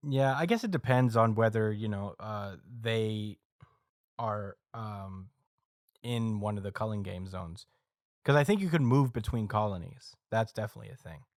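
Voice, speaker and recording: A man's voice: fairly low pitch, normal speed, a little mellow, no echo, clean studio sound. A man co-hosting a podcast, casually recapping a story with plenty of ums and uhs. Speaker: podcast co-host. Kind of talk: casual chat, recapping a manga chapter.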